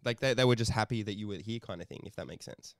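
A man co-hosting a podcast, telling a story in animated, casual chat, swearing often and laughing a lot. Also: on the low side, quick pace, creaky, no echo, clean studio sound. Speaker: podcast co-host.

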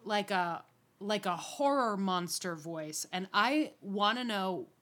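A woman co-hosting a podcast, casually recapping a TV episode, animated and swearing freely. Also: mid-range voice, takes it slowly. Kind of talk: casual chat.

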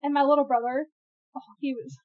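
A young woman with a high voice talks in an animated, casual way, laughing often and swearing freely. The recording is close and dry, with a somewhat dull, muffled tone. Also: brisk, dry recording. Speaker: podcast co-host. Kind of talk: casual chat.

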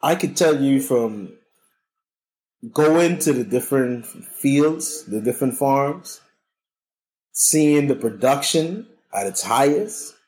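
A man from The Bahamas, a cannabis consultant, answering interview questions slowly and thoughtfully with hesitant fillers. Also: mid-range voice, expressive, a little mellow, poor audio. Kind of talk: casual interview.

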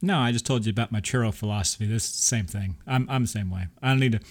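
A man's voice: fairly low pitch, quick pace. A man co-hosting a podcast, talking about theme park treats in an enthusiastic, chatty way and laughing often. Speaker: podcast co-host. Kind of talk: casual chat.

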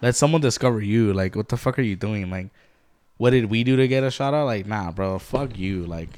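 Casting: smooth-voiced man, low-pitched, blunt podcast co-host who swears nonstop. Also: a little fast, darkish tone. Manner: blunt, heavy swearing, lots of "like". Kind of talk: casual profane podcast chat.

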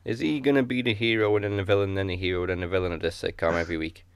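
A man's voice: deep voice, fairly even intonation, very fast, clean tone, no echo. A man in a casual wrestling chat, dropping dry one-liners.

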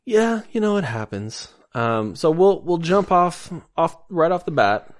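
A man's voice: on the high side, big pitch swings, unhurried. Dry teasing podcast host man. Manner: dry, teasing, swears casually. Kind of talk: casual chat.

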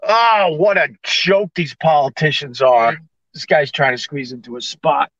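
A man rants into his phone from the driver's seat. His voice sits high and bright, and the sound is dry and a bit dull and lo-fi. He is sarcastic and fed up, and he mimics everyone he quotes. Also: unhurried, no echo. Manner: exasperated, sarcastic, acts out both sides of conversations. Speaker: vlogger on a live stream. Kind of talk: ranting casual monologue. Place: parked car on a city street.

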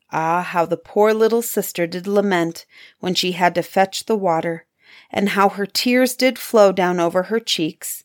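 A woman reading a fairy tale aloud as storyteller, expressive with dramatic pauses. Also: fairly low pitch.

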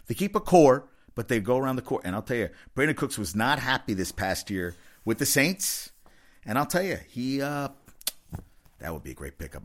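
A man runs a casual sports talk segment on his own. His voice swings widely in pitch, and he rants in disbelief, stumbling over and repeating his words when something surprises him. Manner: animated, incredulous outbursts, repeats words when excited. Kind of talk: casual sports commentary monologue.

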